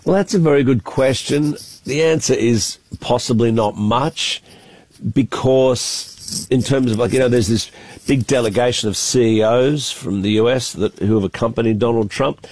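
A man's voice: medium pitch, normal speed, darkish tone, no room sound. A male foreign correspondent giving a live, unscripted news analysis, chatty and thinking aloud with frequent restarts. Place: Beijing, reporting remotely.

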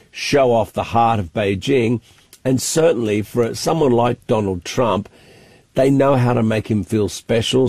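A male foreign correspondent speaks live from Beijing, reporting remotely in an unscripted news cross with his own analysis. His mid-range voice has a darkish tone and carries no room sound. He's chatty and thinks aloud, often restarting his sentences.

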